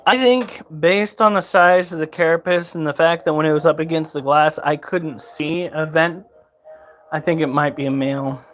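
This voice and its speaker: A man casually telling a pet vlog audience an animated story and swearing freely as he goes. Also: fairly high pitch, normal speed, slight background noise. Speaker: pet keeper and vlogger.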